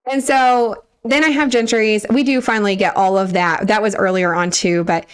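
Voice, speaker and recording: A young adult woman, a podcast guest, recounting personal experiences in a lively conversational way and acting out what others said. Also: medium pitch, moderate pace, smooth. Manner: animated retelling, acting out others' words with laughs.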